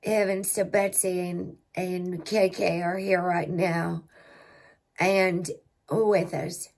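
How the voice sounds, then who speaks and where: A woman hosting a spiritual healing livestream, talking slowly and reflectively with her viewers. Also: fairly low pitch, little pitch movement, creaky, a little mellow. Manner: slow, reflective, talks to chat and to herself. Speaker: spiritual healing channel host.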